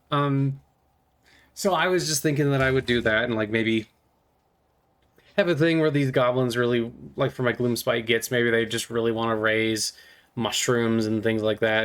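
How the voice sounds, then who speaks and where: A man's voice: on the low side, fairly bright tone, clear, resonant tone. A man vlogging about miniatures in a casual, playful, rambling way.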